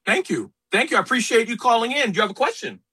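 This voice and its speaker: A man's voice: very high-pitched, husky. A man hosting a talk radio show, speaking in an emphatic, opinionated way about sports and politics. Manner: animated, emphatic, quick asides. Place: radio studio.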